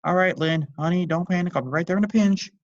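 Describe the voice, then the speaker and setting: A man's voice: medium pitch, animated, very fast, dry recording, lo-fi sound, voice pushed up, lightly acted. Worn-out mom calling through the house, exasperated, read by a man. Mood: weary. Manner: tired, exasperated. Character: weary unfazed middle-aged mother.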